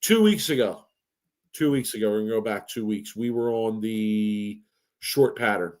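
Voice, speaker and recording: A man's voice: on the low side, moderate pace, a little mellow. Boastful, joking bowling podcast man. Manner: boastful, playful trash talk. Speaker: podcast co-host. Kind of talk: casual chat.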